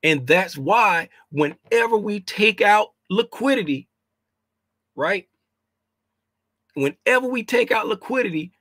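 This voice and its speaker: A man with a high-sitting, fairly bright voice casually teaches a trading lesson, recorded with clean studio sound and no room sound. The trading educator is emphatic and repetitive, using informal slang and often asking "right?".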